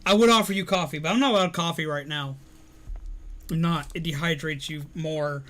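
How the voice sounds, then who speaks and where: A man's voice: fairly high pitch, moderate pace, fairly bright tone. Chatty man streaming. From Alabama, US. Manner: chatty, reading out and answering viewer comments. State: recovering from illness. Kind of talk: casual live-stream chat.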